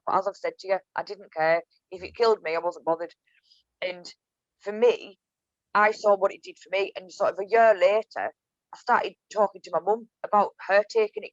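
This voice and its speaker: A woman's voice: medium pitch, dry recording. Cumbrian woman, podcast guest, chatty storyteller, dry lo-fi sound. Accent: Cumbrian (Whitehaven). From Cumbria, England. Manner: chatty, storytelling, many restarts and fillers. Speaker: guest, business owner. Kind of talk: casual podcast interview.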